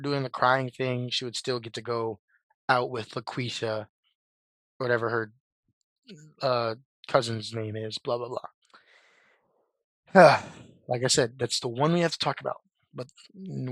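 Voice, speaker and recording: A young man with a hoarse voice talks through his ideas in loose, rambling fan commentary, full of "like" and half-started sentences. His pitch sits in an ordinary middle range, and the sound is dry and close, with no room around it. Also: a bit bright, dry recording. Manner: rambling, lots of "like" and restarts, slangy. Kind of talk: casual commentary.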